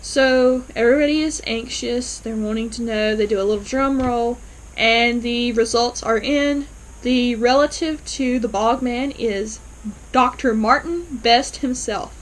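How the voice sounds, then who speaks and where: A woman casually recapping a TV episode, chatty and lively, acting out the lines with lots of fillers. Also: fairly high pitch, unhurried, low-quality recording. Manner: chatty, lively retelling with frequent fillers and acted-out quotes. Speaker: TV episode reviewer.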